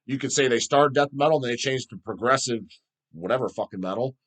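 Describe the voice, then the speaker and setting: A man's voice: medium pitch, fairly quick, a bit bright. A middle-aged man hosting a solo vlog, ranting heatedly and profanely. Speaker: channel host.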